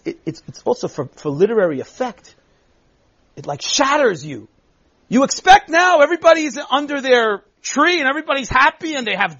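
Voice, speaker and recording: A man teaching a Bible text in class, reading verses aloud and explaining them with emphatic, expressive delivery. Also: very high-pitched, husky, muffled recording.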